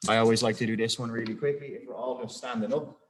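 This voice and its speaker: A man's voice: mid-range voice, steady tone, fast talker, reverberant, slight background noise. A man coaching a group weightlifting class, calling out positions and counting down holds with encouragement. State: out of breath. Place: gym.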